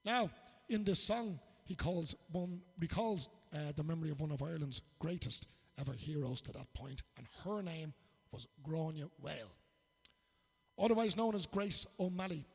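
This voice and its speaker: A man's voice: a little high, moderate pace, slightly rough, big-room sound. A man introducing a song in a casual, chatty storytelling way, calling his listeners "lads". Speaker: singer and guest performer.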